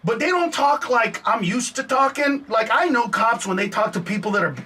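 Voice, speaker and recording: A man's voice: very high voice, animated, normal speed, pushed and bright, distant mic, slight background noise. A man who is a comedian, telling a story in a casual interview and acting out other people's voices. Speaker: comedian guest.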